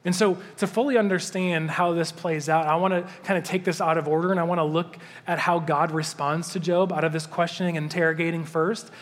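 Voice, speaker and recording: A man preaching a sermon in a relaxed, conversational way, slowing down whenever he reads scripture aloud. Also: on the high side. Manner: conversational, animated, slows down to read scripture. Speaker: pastor. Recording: long reverb of a large hall.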